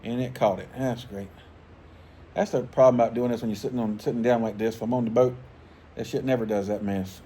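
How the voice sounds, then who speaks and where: Middle-aged man, easygoing and profane, rambling casual vlog chat at mid pitch. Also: steady tone, a little fast, dark tone, a little hiss or hum. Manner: rambling, profane, laid-back, chuckling. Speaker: fishing channel host.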